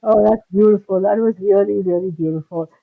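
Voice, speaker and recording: A woman's voice: medium pitch, brisk, vocal fry, dry recording, phone-quality sound. A woman hosting an interview podcast, chatty and telling stories with fillers. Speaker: podcast host, cardiologist.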